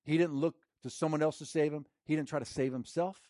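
A male pastor preaching a sermon in an emphatic, conversational way, swinging from loud bursts to hushed moments. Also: on the high side, fairly even intonation, fairly quick, dry recording, studio quality. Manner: conversational, slangy, with restarts.

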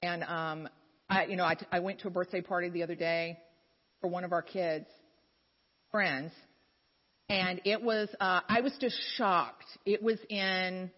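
In a reverberant hall, captured on a dull lo-fi recording, a woman speaks to mothers in a lowish voice with fairly even intonation and a measured pace. Her encouraging faith-based talk is conversational, candid and full of stories and asides.

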